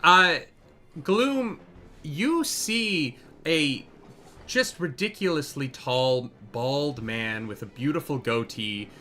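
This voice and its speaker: A man narrating as game master in a live tabletop charity game, excitable and swearing freely. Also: a little high, slow.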